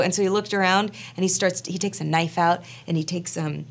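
A woman who acts and directs, telling a story in a casual interview, chatty and animated with plenty of fillers. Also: on the low side, quick pace, vocal fry, few pauses. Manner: animated, chatty, full of fillers and quoted asides. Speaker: actor and film director.

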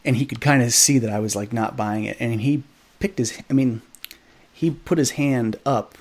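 A man in his thirties, a podcast guest, telling a story in a casual, animated way, acting out quoted dialogue with many fillers. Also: mid-range voice, normal speed.

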